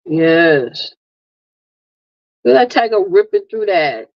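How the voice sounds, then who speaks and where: A woman hosting a casual livestream, lively and chatty, laughing often and calling listeners honey and girl. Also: low-pitched, a little slow, no room sound. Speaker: livestream host and marketing coach. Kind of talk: casual live chat. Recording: dull lo-fi, dry sound.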